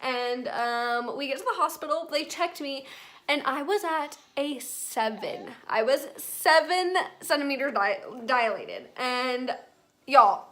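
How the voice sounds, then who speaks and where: A woman's voice: high voice, expressive, slow, sharp tone. A young woman, chatting to her viewers as she tells a personal story in a casual vlog. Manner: chatty, addresses viewers as y'all. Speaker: vlogger.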